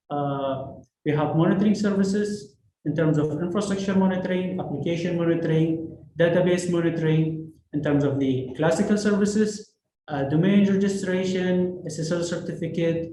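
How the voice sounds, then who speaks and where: A man's voice: fairly high pitch, dark tone. Echoey man listing services. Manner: list-like, with frequent fillers. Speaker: conference presenter. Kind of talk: business presentation. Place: conference hall. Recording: echoey room, faint noise.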